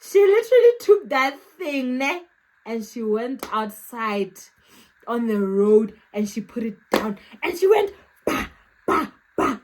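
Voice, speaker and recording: A young South African woman with a South African accent, telling a storytime vlog with animated, dramatic acted-out reactions. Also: fairly high pitch, unhurried, rough recording. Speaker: YouTuber.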